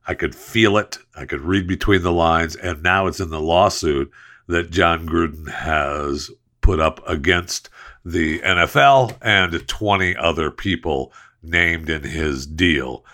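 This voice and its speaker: Male podcast host, low voice, chatty and jokey, casual ad reads and news talk. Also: expressive, sharp tone. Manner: chatty, jokey, drawn-out emphasis.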